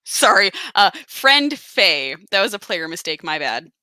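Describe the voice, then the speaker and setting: A woman's voice: mid-range voice, sing-song, measured pace, pushed and bright, no echo. A woman player describing her character's actions casually. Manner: casual, filler-heavy describing. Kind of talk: casual tabletop play.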